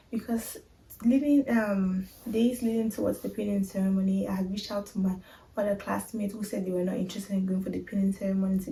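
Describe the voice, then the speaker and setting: Addressing her audience head-on, a young woman opens up on her vlog with an emotional personal story. She sounds mellow and slightly dark at medium pitch, recorded on a distant mic in a room that echoes, with a little hiss or hum.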